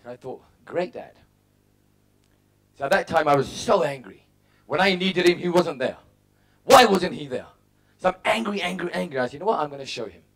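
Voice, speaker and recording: A middle-aged man giving a motivational talk, telling personal stories and acting out his own thoughts in short punchy bursts. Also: mid-range voice. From England. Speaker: motivational speaker.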